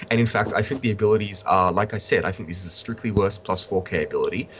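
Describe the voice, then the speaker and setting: A man's voice: fairly low pitch, fast talker, a bit bright, highs cut off, a little hiss or hum. A man reviewing trading cards in casual chat, blunt and opinionated with a dry sense of humor. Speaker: card game reviewer.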